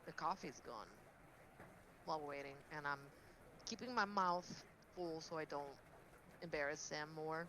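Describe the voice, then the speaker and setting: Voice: medium pitch, moderate pace, pauses often. Stammering tabletop player, noisy recording. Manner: hesitant, stammering. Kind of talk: in-character tabletop play.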